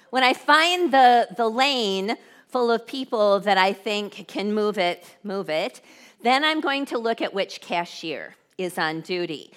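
A woman preacher telling a humorous personal story in a sermon, brisk and animated. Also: mid-range voice.

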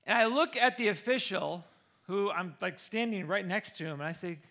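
Bright-voiced animated storytelling coach. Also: male voice, high-pitched, normal speed. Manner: animated, acts out the people he quotes. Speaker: football coach. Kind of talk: personal storytelling.

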